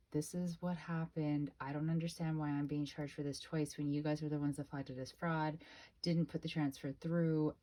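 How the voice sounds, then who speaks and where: A woman's voice: low-pitched, mellow. A woman vlogger telling a chatty, exasperated story while budgeting, often quoting herself and others. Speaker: personal finance vlogger. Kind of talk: casual budgeting chat.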